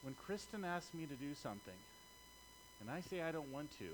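A man's voice: a little high, sing-song, a little fast, noisy background. A middle-aged male pastor preaching a sermon in a conversational way, often checking in with his listeners.

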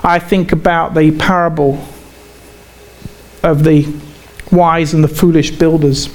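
A man's voice: on the high side, little pitch movement. English preacher repeating his phrases. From England. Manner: conversational, halting, repeats phrases. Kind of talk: sermon.

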